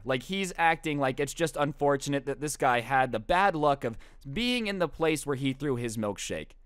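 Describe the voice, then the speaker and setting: A young man casually telling a storytime tale, animated and full of "like" and "bro", acting out what people said. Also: mid-range voice, brisk, clean tone, no room sound, studio quality. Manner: animated, lots of "like" and "bro", acts out quotes. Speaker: storytime YouTuber.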